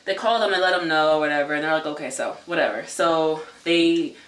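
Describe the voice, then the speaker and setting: A man vlogging a casual storytime, talking fast and loose with lots of filler words and the odd swear. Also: a little high, fairly bright tone, recorded from a distance. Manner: chatty, many "like" fillers, swears. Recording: echoey room, voice away from mic.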